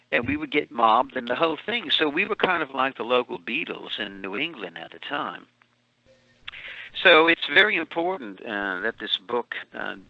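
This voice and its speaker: A man's voice: medium pitch, bright, forceful tone, dry recording. A man in his seventies, an author and guest, telling long meandering anecdotes in an interview. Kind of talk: storytelling interview answer. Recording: muffled lo-fi audio.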